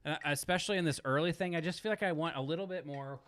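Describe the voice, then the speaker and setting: A man musing aloud while practicing for an audition, critiquing himself in halting, self-correcting phrases. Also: on the high side, fairly bright tone, no room sound. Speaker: musician practicing audition excerpts. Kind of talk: thinking aloud during practice.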